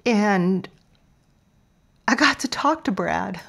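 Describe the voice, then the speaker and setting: A woman hosting a podcast, talking in a playful, expressive way and sometimes dropping to a soft near-whisper. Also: medium pitch, slow, vocal fry. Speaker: podcast host. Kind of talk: podcast intro monologue.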